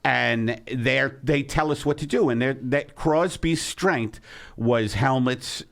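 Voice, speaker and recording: A man's voice: medium pitch, takes it slowly, creaky, fairly bright tone. A man hosting a comedy podcast, riffing in a rambling, exasperated way and laughing often. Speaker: podcast host. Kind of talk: casual comedy podcast banter.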